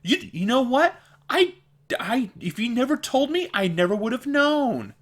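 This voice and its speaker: A man's voice: very high-pitched, very animated, a little slow, a bit bright, pitched above the performer's own voice, full character voice. A man mimicking a patronizing adult who talks down to someone as if to a puppy, in a sugary, sing-song voice. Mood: gushing.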